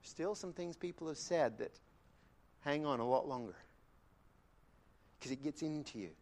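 Preacher guy, bit high voice, goes soft then big and loud, chatty asides. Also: expressive, a little slow. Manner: emphatic, swings from quiet to loud; conversational asides. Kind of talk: sermon.

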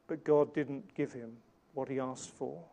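A man preaching a sermon in an earnest way, slowing down and changing his volume to stress key points. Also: medium pitch, fairly even intonation, vocal fry, mellow. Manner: earnest, varies volume for emphasis, slows on key lines.

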